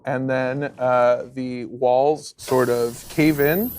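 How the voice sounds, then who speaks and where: A man's voice: mid-range voice, fairly even intonation, darkish tone, smooth. Man narrating a tabletop game as game master. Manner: descriptive, unhurried, many filler pauses.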